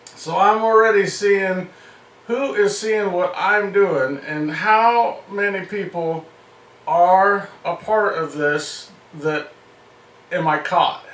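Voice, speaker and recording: A man's voice: high-pitched, slow pace, fairly bright tone, reverberant, far from the mic, poor audio. A man telling a comic story in a loose, profane way, often laughing.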